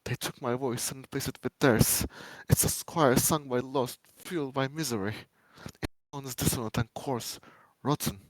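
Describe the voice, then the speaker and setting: A man giving a dramatic reading of fan fiction, a first-person monologue, swinging between menacing loud lines and hushed pleading ones. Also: mid-range voice, steady tone, moderate pace, no room sound, rough recording.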